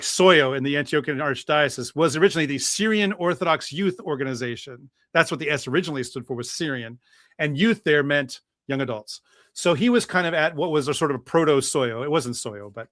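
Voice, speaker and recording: A man, a priest, relating a history story with animated energy and frequent fillers. His voice sits a bit high and sounds dry and close, with no room echo. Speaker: guest priest.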